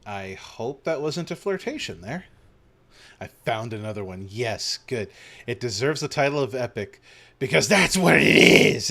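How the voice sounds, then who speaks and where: A man giving casual gaming commentary, excitable and rambling, gushing and swearing casually as he plays. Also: mid-range voice, unhurried, creaky. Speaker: gaming video host.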